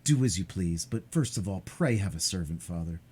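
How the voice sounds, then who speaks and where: A man reading aloud, voicing an eager, impulsive young sailor who speaks with excited emphasis. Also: low voice, normal speed, husky, pitched below the performer's own voice. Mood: earnest. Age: young adult.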